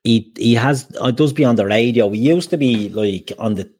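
A man's voice: medium pitch, moderate pace, darkish tone, slightly rough. A man hosting a casual football chat, rambling a little with fillers. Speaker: podcast host.

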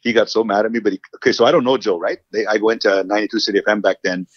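A man's voice: lowish voice, rapid-fire, no room sound, highs cut off. A man, a restaurant owner, telling rambling stories with lots of asides as a guest in a casual interview. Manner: rambling, animated storyteller, many asides.

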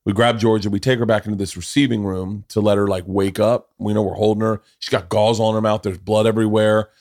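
A man hosting a podcast, telling a story in a loose, animated, profane way. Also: lowish voice, fast talker. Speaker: podcast host. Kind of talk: casual comedic storytelling.

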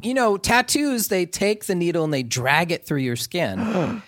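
A man chatting as a guest on a live comedy talk show, animated and full of fillers, tossing in little sound effects while he explains things. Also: high-pitched, measured pace. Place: theater stage before a live audience.

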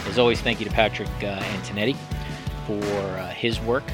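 A man's voice: lowish voice, fairly even intonation, a little fast, loud music behind the voice. A man hosting a podcast in casual chat, joking and self-deprecating with frequent restarts. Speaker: podcast host.

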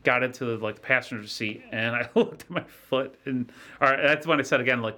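Guy on a podcast telling his story, kinda halting, restarts a lot, bright clear voice, mid pitch. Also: steady tone. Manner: halting, restarts often, earnest. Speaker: podcast guest. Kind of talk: casual storytelling.

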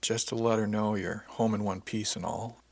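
A man reading a story, voicing a brisk, playful young female crewmate who teases and sometimes drops to a whisper. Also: on the low side, steady tone, gravelly. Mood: teasing.

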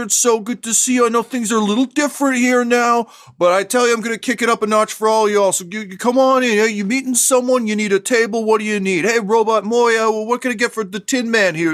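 A man voicing an eager, flamboyant male chef in a cyberpunk game, loud and gushing. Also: brisk, few pauses. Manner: high, loud, gushing showman.

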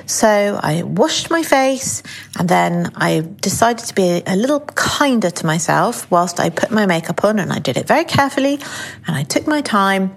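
A woman's voice: mid-range voice, sing-song, moderate pace, gravelly. A middle-aged woman co-hosting a podcast, telling stories in casual chat, candid and swearing freely. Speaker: podcast co-host.

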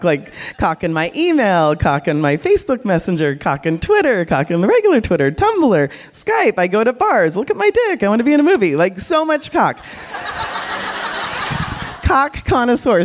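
A woman who works as a porn director, telling a frank, animated story to a live audience and acting out the voices. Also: medium pitch, a little hiss or hum.

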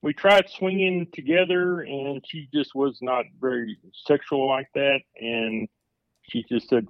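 A man's voice: mid-range voice, steady tone, moderate pace, vocal fry, no room sound. A man with a West Texas accent, calling in to a podcast and chatting in an easygoing, slightly hesitant way. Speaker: caller. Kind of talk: casual interview chat. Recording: dull lo-fi line.

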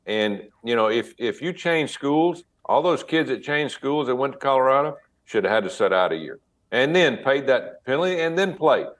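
A man, a politician guest, giving his opinions haltingly with many pauses and restarts. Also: mid-range voice, lively intonation. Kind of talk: casual interview remarks.

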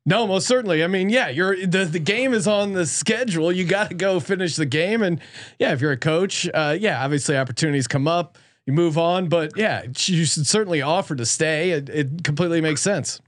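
A man hosting a sports podcast, chatty and quick to laugh. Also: a little high, no echo, clean studio sound. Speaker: podcast host. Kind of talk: casual podcast interview.

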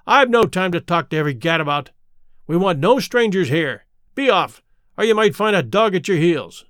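Guy doing a gruff blustering old trainer, dry close sound. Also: high-pitched, animated, normal speed, fairly bright tone, no echo. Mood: angry blustering. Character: fierce elderly male horse trainer, blustering bully turned cowed.

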